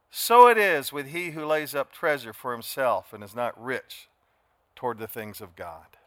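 Bright-voiced older preacher. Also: male voice, medium pitch, lively intonation, normal speed, no echo, clean studio sound. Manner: dramatic, shifts from soft to shouting. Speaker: pastor. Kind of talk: sermon.

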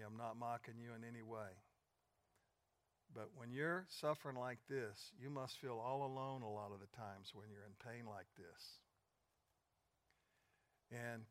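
An older man preaching a sermon, retelling conversations and building to loud, emphatic peaks. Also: mid-range voice, no echo. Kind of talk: sermon storytelling.

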